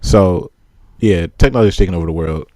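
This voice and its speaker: A man's voice: sits low, fairly quick, no echo, clean studio sound. A young man co-hosting a casual podcast, telling stories animatedly and acting out the people in them. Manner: animated storytelling, acting out quotes and laughing. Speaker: podcast co-host. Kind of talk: casual chat.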